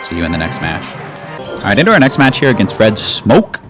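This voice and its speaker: A man's voice: on the low side, very animated, fairly quick. A man giving casual, chatty commentary over his own gameplay, with a laid-back manner and lots of "like". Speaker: gaming YouTuber. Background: game music.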